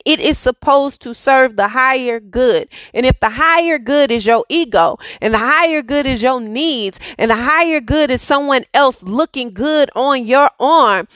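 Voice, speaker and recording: High-voiced woman preaching spiritual encouragement. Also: fairly bright tone, no echo. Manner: preachy, repetitive rhetorical questions. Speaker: spiritual speaker. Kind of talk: inspirational monologue.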